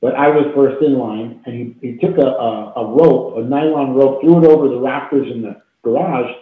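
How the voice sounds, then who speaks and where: A man in his fifties, a talk show guest telling a deeply personal story in an earnest, heartfelt way with repeated phrases, over a video call. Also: normal speed. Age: 50s. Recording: tinny phone-like echoey call audio.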